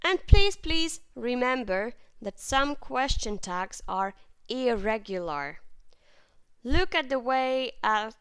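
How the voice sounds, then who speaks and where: A woman teaching English grammar in a clear, patient way, with lively intonation and plenty of example sentences. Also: mid-range voice, dry recording. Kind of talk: grammar lesson.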